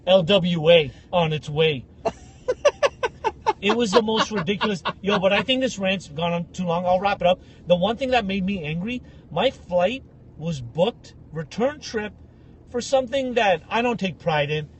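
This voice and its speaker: Podcast co-host, male, high animated voice; tells stories and does everyone's voices. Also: moderate pace, highs cut off, noisy background. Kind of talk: casual storytelling rant.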